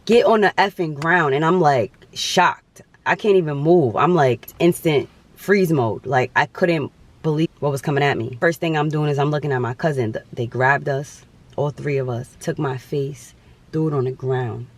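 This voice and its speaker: A man's voice: on the high side, normal speed. A young man telling a dramatic personal story on his vlog, with emphatic repetition. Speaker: vlogger.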